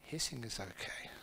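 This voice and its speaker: A man who is a Buddhist monk, giving a humorous question-and-answer talk with lively storytelling. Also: heavy background noise. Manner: humorous, chuckling, animated storyteller.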